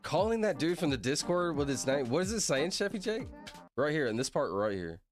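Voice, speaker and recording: A man's voice: a little high, big pitch swings, fairly quick, faint music behind. A man chatting casually on a livestream, rambling, laughing often and apologizing a lot to his chat. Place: at his computer streaming.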